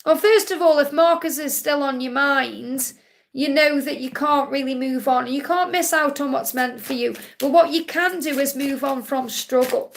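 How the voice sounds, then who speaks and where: A woman's voice: sits high, normal speed, vocal fry. A woman hosting a live-stream Q&A as a spiritual card reader, relaying messages in a soothing, reassuring way and often repeating key phrases.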